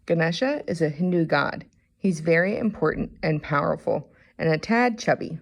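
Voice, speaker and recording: A woman reading a children's storybook aloud, expressive in manner. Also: sits low, moderate pace, creaky.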